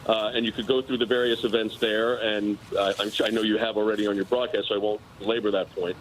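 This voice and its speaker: A man's voice: on the low side, level tone, fast talker, slight background noise, poor audio. Insistent man defending his client. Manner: insistent, argumentative legal explanation. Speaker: president's personal attorney. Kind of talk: live TV news interview.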